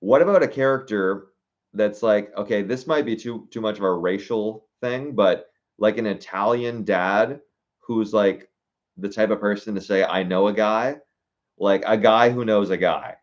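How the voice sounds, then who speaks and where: Young male creator, casual musing, lowish voice, muffled recording. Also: normal speed. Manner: thinking aloud, musing and hesitant with fillers. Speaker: content creator reading viewer suggestions. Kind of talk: casual livestream-style chat.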